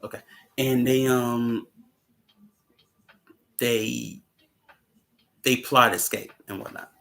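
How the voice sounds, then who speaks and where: Male host, casual movie talk, unhurried, low and gravelly, rambling. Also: little pitch movement, bright, forceful tone. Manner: rambling, repeats "you know what I'm saying", chuckles often.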